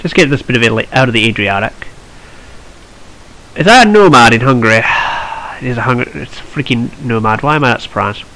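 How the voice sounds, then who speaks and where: A man's voice: mid-range voice, lively intonation, fast, pushed and bright, poor audio. A man hosting a strategy game let's play, chatting and thinking aloud with wry asides. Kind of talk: strategy gameplay commentary.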